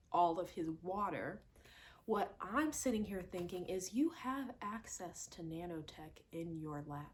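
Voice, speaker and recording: Woman vlogger gushing about a movie, animated, repeats herself for emphasis, goes hushed sometimes. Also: mid-range voice, a little hiss or hum. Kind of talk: casual movie reaction monologue.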